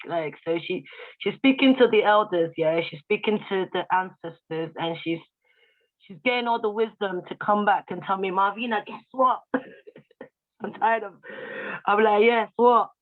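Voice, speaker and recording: A woman giving an emotional, heartfelt tribute speech, addressing her listeners directly. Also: mid-range voice. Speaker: guest speaker at a tribute event. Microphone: video call. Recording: tinny video-call audio.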